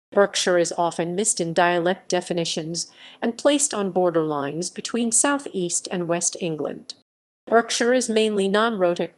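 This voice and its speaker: A woman reading an encyclopedia article as scripted narration, spelling out phonetic symbols literally. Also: on the low side. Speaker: article reader.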